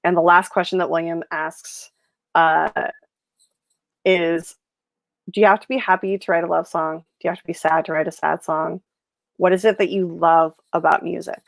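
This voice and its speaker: A woman hosting a casual livestream chat, telling stories in a lively way and acting out the people she quotes. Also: fairly low pitch, normal speed, gravelly, dry recording. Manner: chatty storyteller, animated quoted voices. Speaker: host.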